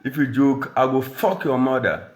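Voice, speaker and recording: A man's voice: medium pitch, expressive, moderate pace, roomy sound. A man from Ghana with a Ghanaian accent, a rapper and radio presenter, taunting a rival in a boastful diss video, switching between English and Dagbani. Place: at home.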